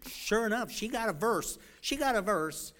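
A male pastor preaching a sermon in a slightly higher voice than most men. He rambles with fillers and restarts. He moves from loud, emphatic bursts to quiet storytelling. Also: lively intonation, normal speed.

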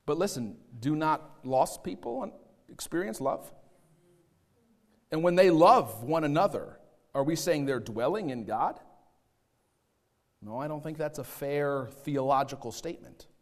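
A man preaching a sermon, swinging between loud stressed phrases and quiet asides. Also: fairly high pitch, expressive, unhurried, pauses often, in a large hall. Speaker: pastor.

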